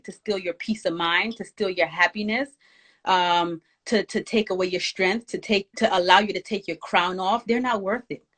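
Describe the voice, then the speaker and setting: A woman's voice: mid-range voice, a bit bright. A woman from Jamaica, a guest and author speaking emphatically and encouragingly in an inspirational conversation. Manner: emphatic, encouraging, preacher-like exhortation.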